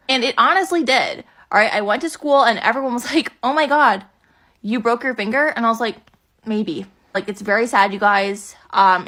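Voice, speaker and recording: A woman's voice: fairly high pitch, sharp tone. A young woman telling a funny story time to camera in a chatty, filler-heavy, self-mocking way.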